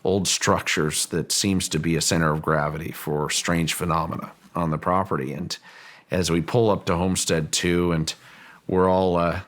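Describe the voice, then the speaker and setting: Casting note: very deep-voiced middle-aged man, recounting events slowly, stops and restarts his phrases. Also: a bit bright. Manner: halting, repeats words while thinking. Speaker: property owner telling a story. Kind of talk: recounted personal story, interview-style.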